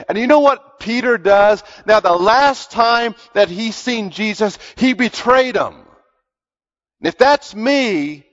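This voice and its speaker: Speaking slowly but with animation, a man with a high-pitched, fairly bright voice preaches a storytelling sermon. He retells Bible stories earnestly and emphatically, repeating words for stress, and the lo-fi recording sounds dull with a long hall reverb.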